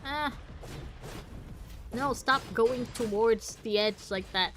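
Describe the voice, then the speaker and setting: A woman streamer giving live commentary while playing a game, reacting out loud and reading the story text aloud. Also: fairly high pitch, slow pace, long pauses. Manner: reactive, exclaims and groans at the game. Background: faint game music.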